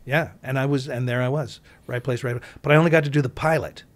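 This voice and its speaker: A man's voice: medium pitch, steady tone, quick pace. A man, an actor guest in an interview, telling a story in a casual, rambling way with many restarts and asides.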